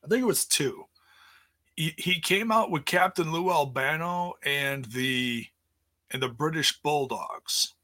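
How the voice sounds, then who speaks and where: Man, forties, podcast host, fairly high voice, slow, playful rambling livestream chat. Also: sharp tone. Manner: playful, rambling, with many restarts. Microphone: streaming setup.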